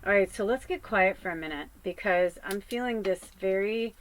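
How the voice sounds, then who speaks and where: A woman's voice: medium pitch, normal speed, poor audio. A young adult woman giving a channeled tarot reading, talking in an earnest, emotional, rambling way with many fillers. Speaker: psychic tarot reader.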